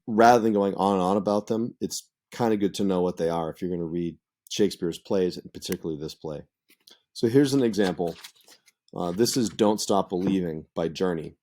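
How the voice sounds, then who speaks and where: A man's voice: sits low, mellow. A man teaching a literature lesson in a conversational, explanatory way, with frequent fillers and asides. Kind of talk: explanatory lecture.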